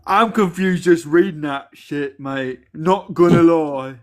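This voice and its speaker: A man's voice: on the high side, slow pace. A man, joking and laughing through casual banter as co-host of a live stream panel. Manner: laughs often, mocking teasing tone.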